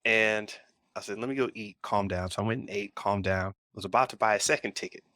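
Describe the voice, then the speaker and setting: The recording has no echo, and the man's fairly low voice moves briskly. He co-hosts a pop culture podcast, where he casually rambles through a story, retelling it with animation.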